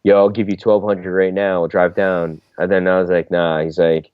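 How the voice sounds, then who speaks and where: A man's voice: low voice, level tone, normal speed, clear, resonant tone, no echo, narrow, tinny audio. A man from Philadelphia, a podcast guest, talking in a laid-back, slangy way, full of "yo" and "dude". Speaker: guest, former drift driver. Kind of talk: casual chat.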